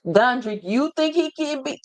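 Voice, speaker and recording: A man's voice: very high voice, lively intonation, unhurried. A man hosting a boxing livestream, talking casually and slangily straight to his chat and reading out viewer comments.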